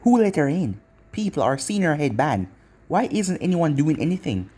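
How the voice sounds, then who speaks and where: A man's voice: fairly high pitch, very animated, moderate pace, a little mellow, breathy edge. A man voicing a feisty, suspicious girl ninja. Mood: restless. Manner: suspicious, blunt. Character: bored, feisty young female ninja.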